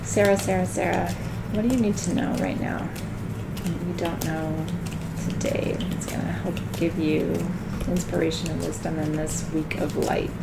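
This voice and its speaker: A woman doing a live tarot card reading in a chatty way, laughing often and getting loud when she jokes. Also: on the low side, fairly even intonation, moderate pace, vocal fry, heavy background noise.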